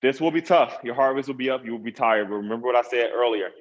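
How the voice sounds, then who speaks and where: A man's voice: medium pitch, fairly even intonation, fast talker, lo-fi sound. A man, a personal trainer, coaching an online workout class, encouraging people and counting down the reps.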